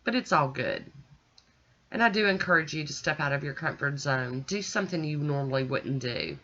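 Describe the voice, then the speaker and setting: A woman's voice: sits low, lively intonation, moderate pace, pushed and bright, dull audio. A woman hosting a nail art channel, sounding stuffy and nasal from her sinuses, chatting and gushing as she demonstrates. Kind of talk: casual demonstration chat.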